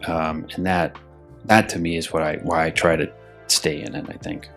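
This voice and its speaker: A deep-voiced man talks casually about acting in an interview. He rambles and restarts often and repeats his words. Soft music plays behind him. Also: flat delivery, normal speed. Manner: acts out his own frantic thoughts in a loud, high voice. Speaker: actor interviewed.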